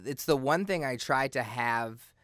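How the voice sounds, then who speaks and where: A man's voice: mid-range voice, a little slow, a bit bright, no echo, clean studio sound. A man co-hosting a podcast in a casual, slangy, laid-back chat, talking as a father.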